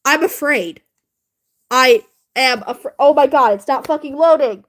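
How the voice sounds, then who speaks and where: A woman livestreaming and chatting casually with her viewers, excitable and swearing, shrieking when worked up. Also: high-pitched, moderate pace.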